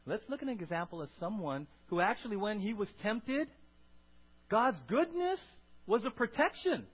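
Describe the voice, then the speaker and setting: A man preaching a sermon to his congregation, asking them questions and building to loud, emphatic peaks. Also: high-pitched, big pitch swings, normal speed, husky, highs cut off. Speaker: pastor.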